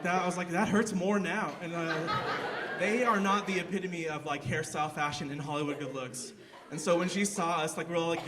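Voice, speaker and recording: Young male stand-up comic, slightly high voice, rambling self-deprecating delivery on a theater stage mic. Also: a bit bright. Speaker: stand-up comedian. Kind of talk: live stand-up set.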